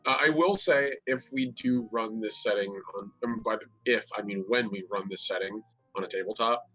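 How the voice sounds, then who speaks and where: Casting note: bright, husky-edged man, loose filler-heavy chat about a game world. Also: fairly low pitch, moderate pace, soft background music, rough recording. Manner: rambling, filler-heavy, animated.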